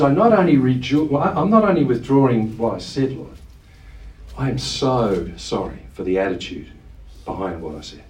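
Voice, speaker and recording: A man's voice: on the low side, a little mellow, distant mic. Earnest man preaching in an echoey room. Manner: earnest, emphatic, slows down to stress quoted lines. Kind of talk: sermon.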